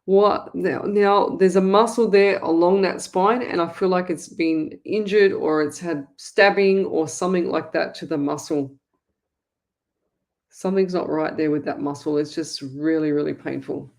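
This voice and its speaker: A woman's voice: fairly low pitch, steady tone, unhurried, darkish tone. A woman hosting a live psychic reading show, talking to viewers in a rambling, chatty way with many restarts. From Australia. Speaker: psychic medium host.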